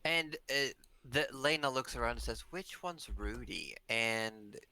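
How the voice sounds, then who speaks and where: Aussie guy dming, bright voice, rambly with lots of likes and ums. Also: medium pitch, a little slow, smooth. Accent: Australian. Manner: relaxed rambling narration with many fillers. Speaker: dungeon master. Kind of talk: narrating a tabletop game.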